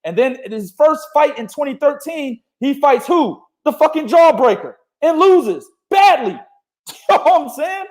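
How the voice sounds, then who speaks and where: Young guy, high voice, boxing show host, cussing, laughing, animated. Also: normal speed. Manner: animated, swears freely, laughs often. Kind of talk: casual profane boxing talk.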